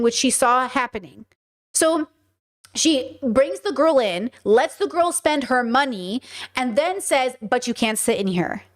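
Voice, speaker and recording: A woman in her thirties hosting a live stream, chatting with viewers in an animated way full of rhetorical questions. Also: sits high. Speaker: streamer and podcast host. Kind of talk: casual live-stream commentary.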